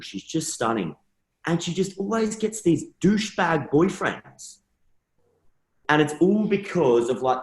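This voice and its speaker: Animated man in a roomy space. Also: medium pitch. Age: young adult. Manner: animated storyteller, acts out dialogue in shifting voices. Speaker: interview guest. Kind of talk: casual conversational interview.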